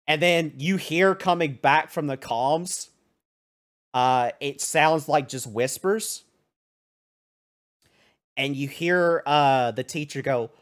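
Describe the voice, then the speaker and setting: A man's voice: medium pitch, slow pace, long pauses. A man narrating as game master in a tabletop game, talking casually.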